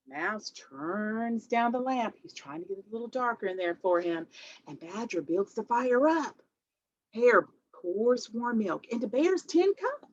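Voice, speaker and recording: A woman leads a children's storytime, reading slowly and deliberately with a very lively, swooping pitch. She gasps and sings along to keep little ones engaged. The recording is dull and lo-fi. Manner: animated, sing-song, gasps for effect. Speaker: children's librarian, storytime host. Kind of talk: children's storytime read-aloud. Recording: dull lo-fi audio.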